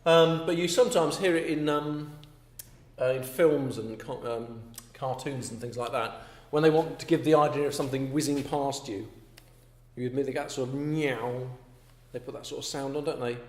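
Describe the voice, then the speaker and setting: A man's voice: mid-range voice, fairly even intonation, fairly quick. A man teaching an astronomy class, explaining step by step and often checking with "okay?". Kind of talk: classroom lecture. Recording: echoey classroom with faint hum.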